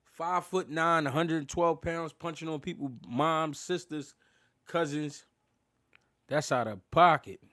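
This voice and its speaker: A man's voice: on the high side, unhurried, a bit bright. Loose-talking man hosting a live stream. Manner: loose, laughing, thanks viewers, slangy street talk. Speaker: boxing livestream host. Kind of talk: casual live-stream chat.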